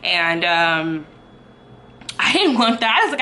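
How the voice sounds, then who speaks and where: A young woman talking through a personal story in a casual vlog, candid and unpolished, full of fillers and restarts. Her voice is bright and sits at an ordinary pitch. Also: animated, unhurried, a little hiss or hum. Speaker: vlogger.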